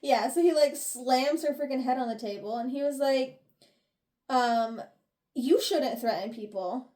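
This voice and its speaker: Her voice is high with a darkish tone, and she never hurries. She's a young co-host on a book review podcast, chatting casually through chapter recaps, acting out what characters say amid plenty of laughter.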